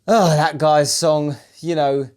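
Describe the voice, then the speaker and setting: A man's voice: on the high side, steady tone, takes it slowly, darkish tone. A man with a London accent co-hosting a casual chat, theatrical and jokey, rambling off into grand flourishes. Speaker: co-host.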